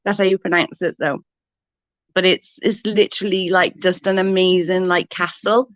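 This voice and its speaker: A woman's voice: on the low side, fairly even intonation, normal speed, no room sound. A woman, telling rambling stories with lots of giggles as she chats with her livestream viewers. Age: 40s. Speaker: livestream host. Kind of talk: casual chat with viewers.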